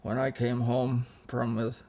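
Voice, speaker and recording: A man's voice: medium pitch, flat delivery, measured pace, dark tone. An older man telling rambling family anecdotes in a casual interview, often restarting his sentences and quoting what others said. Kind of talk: casual storytelling.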